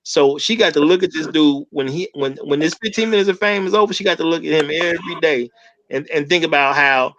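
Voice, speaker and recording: A man co-hosting a casual podcast chat, talking bluntly in animated slang. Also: a little high, brisk, muffled recording, slight background noise.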